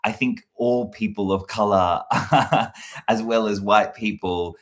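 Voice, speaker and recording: A man's voice: lowish voice, slow. A man, a comedy content creator talking casually to camera in a rambling, reflective way, full of fillers and restarts. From Australia.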